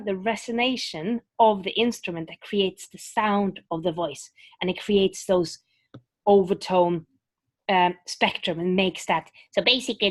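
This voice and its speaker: In a webinar, a woman coaching singers explains technique and sings examples, her speech loose and peppered with fillers and restarts. The voice is mid-range and a touch bright, recorded with no room sound.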